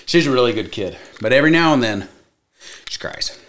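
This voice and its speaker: A man's voice: mid-range voice, expressive, brisk, a bit bright, a little hiss or hum. A man and former radio DJ chatting on a podcast, rambling through stories and laughing often. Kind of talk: casual podcast chat.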